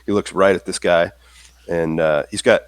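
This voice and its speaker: Low-voiced man, hesitant tabletop player. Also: steady tone, normal speed, clean tone, no echo. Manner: hesitant, with repeated restarts. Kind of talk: describing actions in a tabletop game.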